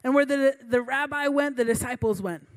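This preacher, a young adult woman, talks at normal speed in a high voice. She jokes at her own expense while chatting through a funny personal story, laughing between lines.

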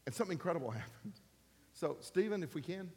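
The fifty-something pastor's fairly high voice moves quickly with lively intonation, hammering key phrases and rising to loud, forceful peaks. A church hall's long reverb rings around his sermon.

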